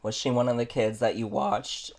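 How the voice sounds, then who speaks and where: A woman's voice: a bass voice, steady tone, moderate pace, a crowd in the background. A woman co-hosting a podcast, making blunt remarks and swearing freely in casual chat. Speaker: podcast co-host.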